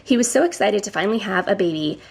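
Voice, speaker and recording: A woman's voice: mid-range voice, animated, fast, creaky, breathy edge. Slightly breathless woman chatting casually. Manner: chatty, with frequent ums and some whispered asides. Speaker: scrapbooking vlogger. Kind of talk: casual show-and-tell narration.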